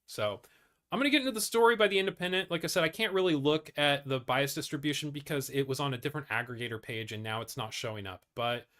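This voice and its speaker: Bright-voiced man reading and ranting on news. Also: mid-range voice, quick pace. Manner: blunt and profane, many fillers and restarts. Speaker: news commentary host. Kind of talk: casual news commentary, reading articles aloud.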